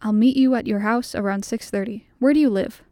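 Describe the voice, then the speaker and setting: A woman's voice: on the high side, fairly quick, dark tone, dry recording, studio quality, lightly acted. A woman reading the part of a shy, nervous man asking a woman out, in an earnest, polite way for a storybook. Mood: polite, eager. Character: shy middle-aged man, nervous suitor.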